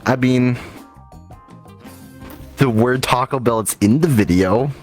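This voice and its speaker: A man co-hosting a live-streamed chat show, talking in loose, rambling bursts. He laughs often, and his voice leaps up high when he gets excited. Faint music plays quietly underneath. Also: slow pace. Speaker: co-host.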